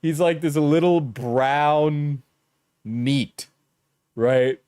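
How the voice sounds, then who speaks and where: A man hosting a commentary channel, thinking aloud in loose, rambling sentences full of "like" and "right?". His voice sits somewhat high for a man and is recorded dry and close. His crude jokes come out with an offhand, mocking tone. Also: drawn-out words, mellow, smooth, dry recording. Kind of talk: casual commentary.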